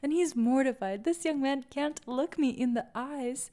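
A young woman with a fairly high but mellow voice tells a confessional story from her own life. She is candid and self-deprecating, and at times her voice sinks to a soft, breathy near-whisper. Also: measured pace, hardly any pauses. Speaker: podcast host.

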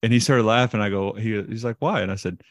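A man's voice: on the low side, steady tone, fast, no room sound, studio quality. A man, a ballplayer guest telling rambling, self-deprecating stories in an interview. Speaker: interview guest, baseball player. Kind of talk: casual storytelling interview.

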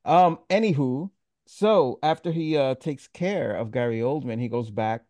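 A man's voice: mid-range voice, unhurried, mellow, no echo. A man hosting a casual movie review podcast, recapping scenes with fillers and laughs. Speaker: podcast host.

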